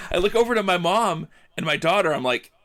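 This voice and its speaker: Male podcast host, storyteller, slightly higher voice, acts out the lines. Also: normal speed, slight background noise. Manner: animated, acts out dialogue, gets heated. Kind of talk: casual storytelling chat.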